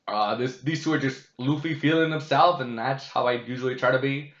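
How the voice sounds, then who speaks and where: A man's voice: mid-range voice, fast, few pauses, fairly bright tone. Profane, rambling man in a roomy space. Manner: profane, candid, heavy with fillers and restarts. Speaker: vlogcast host. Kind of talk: casual rambling monologue. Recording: roomy, slightly dull sound.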